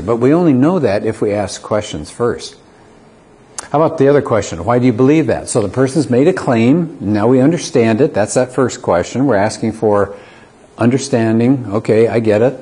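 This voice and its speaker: A middle-aged community college teacher lectures earnestly to a live audience in a mellow, medium-pitched voice. He speaks briskly and with animation, posing rhetorical questions and playing both sides of short dialogues.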